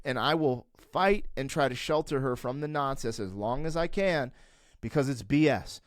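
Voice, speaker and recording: A middle-aged man appears as a podcast guest in candid conversation, his voice a bit high for a man. He rants with emphasis, building to fervent peaks. The audio is dry, clean, and close on the mic, with no room sound.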